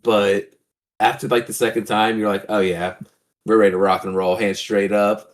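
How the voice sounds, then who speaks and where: Relaxed man chatting on a podcast. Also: fairly low pitch, normal speed. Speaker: podcast co-host. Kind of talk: casual chat.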